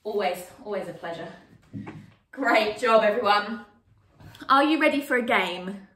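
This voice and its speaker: A woman's voice: medium pitch, a little slow, fairly bright tone, roomy sound, far from the mic, slight background noise. A woman leading an online yoga class for young children, playful and sing-song as she calls out poses and games. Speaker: kids yoga teacher.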